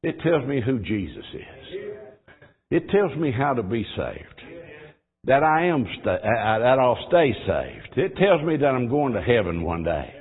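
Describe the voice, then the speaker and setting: A man preaching a sermon. He moves between quiet, folksy asides and loud, fervent exhortation. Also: mid-range voice, very animated, unhurried, breathy edge. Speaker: pastor. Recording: tinny phone-like audio.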